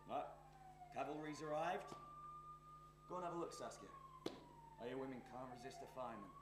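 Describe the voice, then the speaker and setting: A man's voice: mid-range voice, lively intonation, brisk, roomy sound, background noise, close to an everyday voice. An actor playing a menacing, scheming male arsonist on stage, taunting and sneering. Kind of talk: stage play performance.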